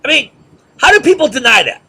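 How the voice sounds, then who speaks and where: A man's voice: extremely high pitch, big pitch swings, fast talker, pushed and bright, slightly rough. A man giving a rhetorical, sarcastic lecture, firing questions at listeners and mocking chants.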